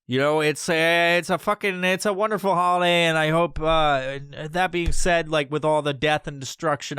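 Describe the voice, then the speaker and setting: A man hosts his own podcast alone, talking off the cuff and drifting onto side trails. His speech is packed with profanity, but his voice is smooth and resonant. The sound is dry and close, with no room in it. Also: a little high, fairly bright tone, dry recording. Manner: rambling, heavily profane, off-the-cuff. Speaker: podcast host. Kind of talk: casual solo podcast monologue.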